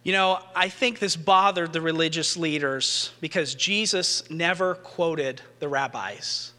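A male pastor preaching a sermon, retelling scripture with animated, rising emphasis. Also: a little high, a little slow, in a large hall.

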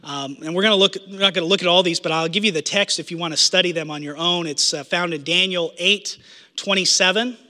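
A man's voice: sits high, fast, sharp tone. A man preaching a sermon earnestly, repeating phrases for emphasis, in a church sanctuary. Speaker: pastor. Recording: long hall reverb.

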